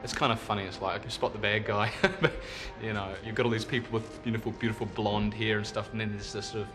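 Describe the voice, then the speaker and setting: A man's voice: fairly low pitch, fairly even intonation, fast, music in the background. A man, an actor, talking hesitantly in an interview and breaking into laughter. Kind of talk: casual interview.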